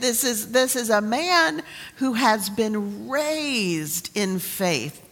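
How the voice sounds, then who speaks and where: A woman pastor introducing and reading an Old Testament lesson in a relaxed, conversational sermon, with fillers and restarts. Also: mid-range voice. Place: church sanctuary. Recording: long reverb of a church sanctuary.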